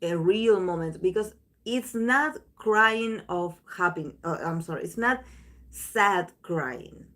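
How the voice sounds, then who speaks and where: Slow, low-voiced woman chatting casually. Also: a bit bright. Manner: rambling, many restarts and fillers. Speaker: tarot channel host. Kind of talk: casual chat to viewers.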